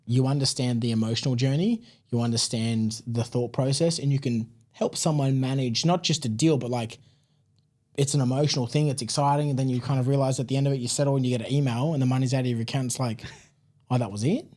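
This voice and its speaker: An Australian man telling his story as a podcast guest, chatty and relaxed, with plenty of "like" and "man" in his talk. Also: mid-range voice, fast talker. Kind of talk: casual interview storytelling.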